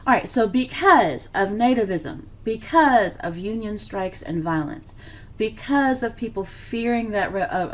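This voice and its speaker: A woman's voice: medium pitch, darkish tone. Tired woman giving a history lecture. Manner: conversational, filler-heavy, checks in with "okay" and "right". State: yawning, a bit tired. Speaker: history teacher. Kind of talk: classroom lecture on slides.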